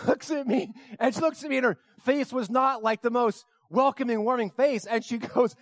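A middle-aged man with a strikingly high voice tells a funny personal story to a live audience. He acts out his own excitement and now and then bursts into shouting. The sound is close and dry, with no room around it. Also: normal speed, few pauses, dry recording. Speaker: speaker addressing an audience.

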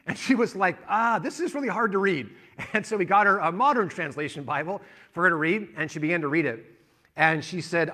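A man's voice: medium pitch, sharp tone. A man preaching a sermon, retelling a woman's story and then rousing the congregation. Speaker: pastor.

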